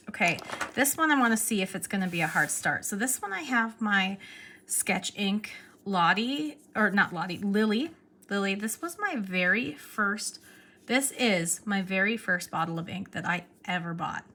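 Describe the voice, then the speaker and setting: Bright, excitable woman vlogger. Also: mid-range voice. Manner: excitable, chatty, trails off and restarts. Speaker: pen vlogger. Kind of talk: casual show-and-tell vlog.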